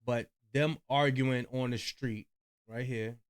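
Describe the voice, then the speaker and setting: A man's voice: medium pitch, fairly even intonation, slow. A man hosting a reaction video, chatting loosely with slang and profanity about clips he plays. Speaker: reaction channel host. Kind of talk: casual commentary on clips.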